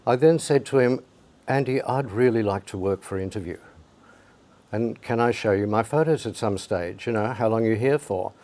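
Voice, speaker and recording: A man's voice: on the low side, moderate pace, warm tone. An older man, a photographer, recounting anecdotes from his career in an interview, acting out the voices of people he quotes. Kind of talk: storytelling interview.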